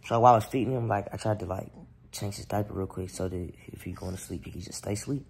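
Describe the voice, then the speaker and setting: A man's voice: lowish voice, fast, creaky, a little mellow, slightly rough. Emotional young father vlogging. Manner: emotional, talks to camera and baby. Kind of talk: casual family vlog.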